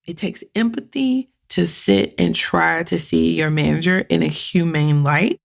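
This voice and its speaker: Speaking a little slowly in a low, creaky voice, a woman runs her own career podcast alone. Her talk is casual, blunt, profane and animated, full of quoted inner voices as she performs her own thoughts.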